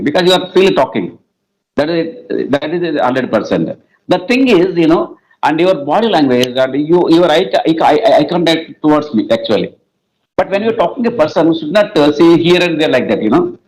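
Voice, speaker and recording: Indian english teacher guy, slightly high voice, keeps repeating words and chuckling. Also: darkish tone, poor audio. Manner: repetitive, piles up synonyms, laughs often. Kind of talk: conversational interview answers.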